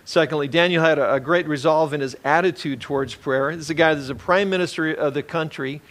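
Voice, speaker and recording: Pastor type, male, slightly high voice, loose off-the-cuff preaching with lots of uhs and restarts. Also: fairly quick. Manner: relaxed, rambling, many fillers and restarts. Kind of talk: conversational sermon.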